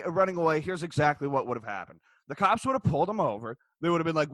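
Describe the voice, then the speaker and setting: A man chatting as a podcast co-host, his high voice swinging up and down as he rants through a story with plenty of swearing. The sound is dry and close, with no room around it. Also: brisk, hardly any pauses, dry recording. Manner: animated, profane ranting storyteller. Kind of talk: casual storytelling chat.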